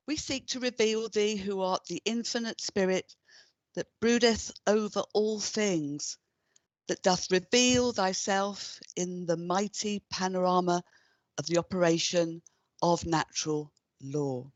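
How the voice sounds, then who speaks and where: A woman with a British accent giving a solemn, measured reading during a church service. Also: mid-range voice, no room sound. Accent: British English. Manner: slow, measured delivery. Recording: dry, dull lo-fi stream audio.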